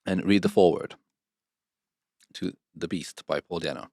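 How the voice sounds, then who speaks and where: A man's voice: sits low, normal speed, creaky, pauses often, warm tone, dry recording, studio quality. A man hosting a casual podcast chat, laughing and swearing freely. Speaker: podcast host.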